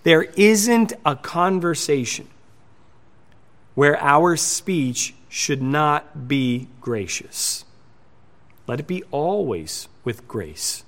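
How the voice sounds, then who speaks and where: A man preaching a sermon as pastor, earnest, with emphatic repetition. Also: a little high.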